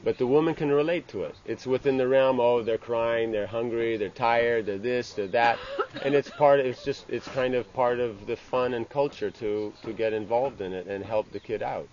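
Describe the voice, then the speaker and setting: A man giving an informal scripture class. He speaks haltingly, restarting phrases and tagging lines with "you know". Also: medium pitch, darkish tone. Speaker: religious teacher. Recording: dull lo-fi with faint ambient hiss.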